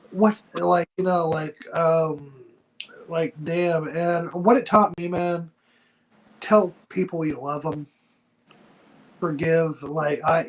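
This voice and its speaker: A man's voice: on the high side, poor audio. A man co-hosting a wrestling review podcast, talking in an earnest, heartfelt, slangy casual chat. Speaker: wrestling show co-host.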